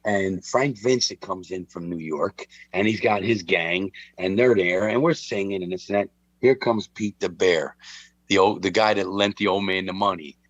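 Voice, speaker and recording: A middle-aged Philadelphia man with a low voice, speaking at normal speed, tells a story as a guest in loose, casual chat. He's animated and acts out the voices in his tale. The recording is dry, a little dull, and without echo.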